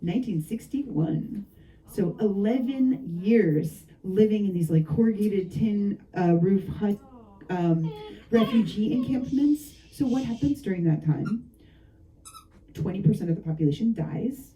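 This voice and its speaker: Brief: woman author, warm dark tone, chatty anecdotal storyteller, recorded from across the room. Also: medium pitch, a little slow, distant mic, a little hiss or hum, rough recording. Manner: lively anecdotal, frequent laughs and asides. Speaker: novelist discussing her book. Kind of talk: storytelling talk at a book event. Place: bookshop event.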